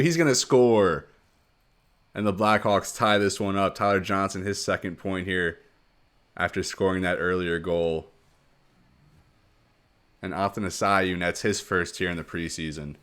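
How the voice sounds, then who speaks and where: A low-pitched man commentates a hockey video game in play-by-play style. He talks through the action quickly and surges in excitement when goals go in. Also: smooth. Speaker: gaming commentator.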